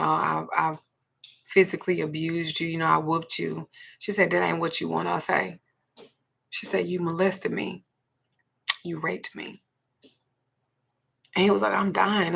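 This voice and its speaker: Outspoken female spiritual host, low husky voice with fry. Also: fairly bright tone. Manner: blunt and profane, retelling a client's story. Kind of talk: livestream talk.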